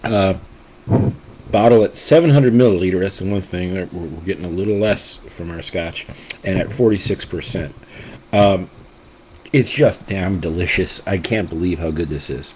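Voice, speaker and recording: A man's voice: low voice, normal speed, darkish tone, a little hiss or hum, rough recording. A man hosting a casual whisky tasting review, talking enthusiastically and rambling, often restarting his sentences. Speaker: whisky reviewer and channel host.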